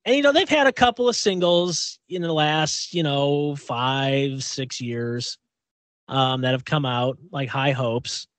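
A man's voice: mid-range voice, unhurried, a bit bright, dry recording. A middle-aged man co-hosting a casual radio show chat, rambling and restarting as he acts out little quotes. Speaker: co-host.

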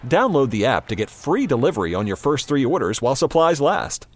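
A man's voice: medium pitch, big pitch swings, fairly quick. A man reading a commercial voice-over.

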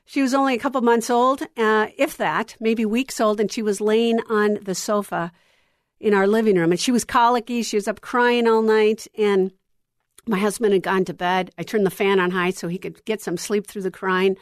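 A middle-aged woman hosting a Christian radio show, sharing her testimony in an earnest, intimate way that drops to a hush on tender lines. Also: medium pitch, fairly even intonation, normal speed, no room sound, studio quality. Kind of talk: heartfelt on-air testimony.

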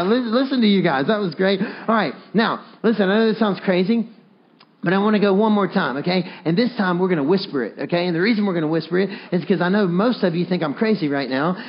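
A man's voice: sits high, muffled recording. A man preaching a sermon, coaxing his congregation to repeat a phrase back to him. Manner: leads the congregation in call-and-response, earnest and coaxing. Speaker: pastor.

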